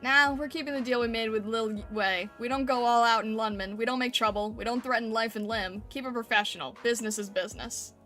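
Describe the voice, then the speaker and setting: Cocky male penguin mob boss, gruff drawl, bright tone, voiced by a woman. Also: fairly high pitch, steady tone, brisk, hardly any pauses, faint music behind, voice pushed down, lightly acted. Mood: firm. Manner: gruff, laid-back mobster drawl.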